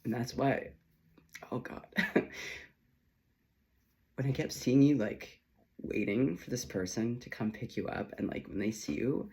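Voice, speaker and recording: A man giving a solo spiritual reading, emotional and tearful, talking in halting phrases with sighs and soft trailing words. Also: mid-range voice. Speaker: spiritual channeler.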